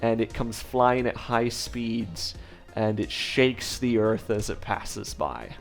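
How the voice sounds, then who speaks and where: A man's voice: on the low side, slow pace, creaky, faint music behind. A man narrating a tabletop game as game master, describing scenes with many hesitations.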